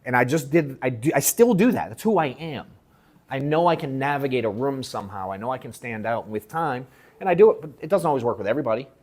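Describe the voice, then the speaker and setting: A man coaching a live workshop audience on sales, telling a story in casual, slangy, profane speech with animated acted-out quotes. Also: mid-range voice, fast talker. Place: event room at an in-person workshop.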